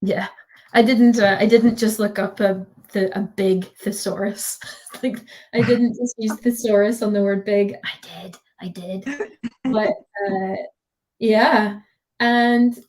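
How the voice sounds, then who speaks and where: A woman's voice: mid-range voice, fairly even intonation, takes it slowly, darkish tone. A woman tutor giving a live online design tutorial over a video call, chatty and giggly with lots of fillers.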